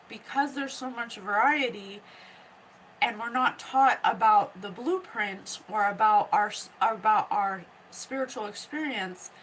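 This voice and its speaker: A woman hosting a psychic podcast, slowly and earnestly relaying messages from spirit and often pausing to check in with "okay?". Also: fairly high pitch, fairly bright tone, slight background noise, poor audio. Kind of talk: slow spiritual teaching monologue.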